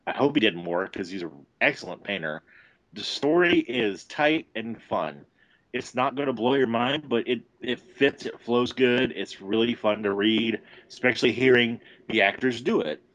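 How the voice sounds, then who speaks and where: A man with a deep voice co-hosting a podcast, chatting casually with laughs, restarts and swearing. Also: normal speed, fairly bright tone, no echo, dull audio. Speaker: podcast co-host. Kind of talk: casual chat.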